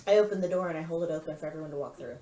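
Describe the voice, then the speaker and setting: A woman with a lowish voice joins in a tabletop game as a player. She talks playfully and laughs easily. Her voice sits in an echoey room with a faint hiss behind it. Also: rapid-fire, dark tone. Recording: roomy echo with faint noise.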